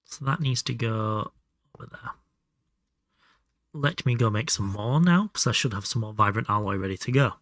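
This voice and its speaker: A man's voice: fairly low pitch, lively intonation, normal speed, pauses often, fairly bright tone, dry recording. A man chatting casually through a live gameplay stream, self-mocking and swearing now and then. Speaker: livestreamer.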